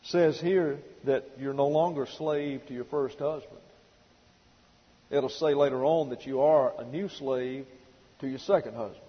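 Husky preacher man in an echoing hall. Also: medium pitch, fairly even intonation. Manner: emphatic preaching, dwelling slowly on key words. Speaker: pastor. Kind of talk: sermon. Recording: dull lo-fi recording in a reverberant hall.

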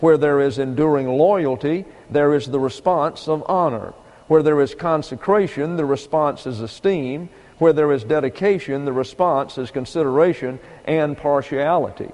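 A man preaching a sermon, teaching in a measured, methodical way. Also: fairly high pitch, darkish tone, in a large hall, rough recording. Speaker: pastor.

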